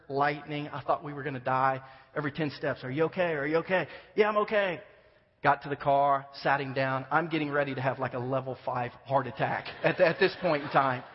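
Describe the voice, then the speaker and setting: Animated pastor in an echoing hall. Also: male voice. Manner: animated, acts out dialogue with rising pitch. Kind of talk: sermon storytelling. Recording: dull sound with long reverb.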